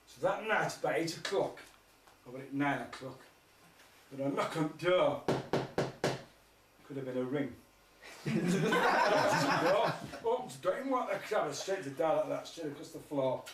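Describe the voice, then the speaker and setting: A man's voice: fairly high pitch, expressive, a little slow, pauses often, fairly bright tone, recorded from a distance. A man telling rambling, sweary stand-up jokes and laughing along with them. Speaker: comedian. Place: live music festival stage. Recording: roomy hall, mic from afar, faint noise.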